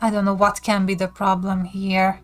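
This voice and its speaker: A giggly livestreamer with a Hungarian accent teaches language basics, chatting casually while reading and responding to the chat. She speaks at a moderate pace in a monotone, medium-pitched voice, with soft music in the background.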